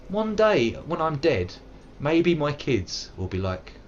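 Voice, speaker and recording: In lo-fi sound with slight background noise, a British man whose voice sits on the high side provides live gameplay commentary while hosting a let's play. He's playful and self-mocking, swears often, and bursts into silly voices.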